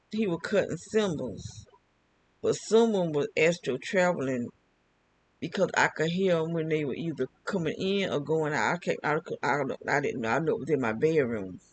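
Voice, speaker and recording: A man's voice: a little high, rough recording. An older man talking alone to camera, rambling and often repeating and restarting his phrases. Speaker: vlogger. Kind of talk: casual monologue.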